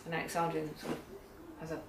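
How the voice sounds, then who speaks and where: A woman giving an academic lecture on poetry, measured, reading poems aloud slowly, recorded from a distance in a lecture hall. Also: deep voice, monotone, creaky, background noise. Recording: echoey hall, far from the mic, audience.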